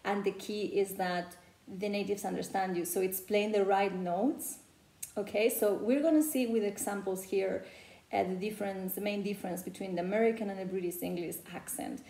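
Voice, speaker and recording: A woman's voice: mid-range voice, fairly even intonation, moderate pace, gravelly, warm tone. A woman from Spain with a Spanish accent, coaching English pronunciation in a loose, chatty way full of "you know". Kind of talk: casual teaching talk. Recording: echoey room.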